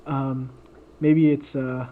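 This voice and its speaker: In a flat, medium-pitched voice with drawn-out words, a podcast co-host rambles through an invented story during casual chat. Fillers and restarts crop up often. The audio is tinny, as if over a phone.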